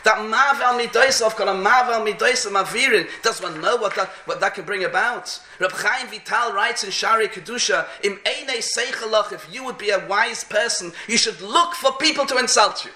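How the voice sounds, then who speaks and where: Animated high-voiced man preaching. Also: brisk, few pauses, roomy sound. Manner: animated, repeats phrases, mixes in Hebrew and Yiddish terms. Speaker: rabbi giving a talk. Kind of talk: sermon with storytelling.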